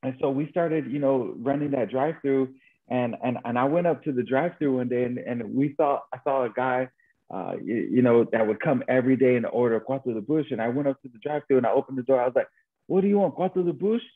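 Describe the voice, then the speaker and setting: An El Paso, Texas man with a mid-range voice and quick pace co-hosts a podcast, rambling through a story in casual chat. He repeats himself and often finishes with "right?" The sound is narrow-band, like a phone call.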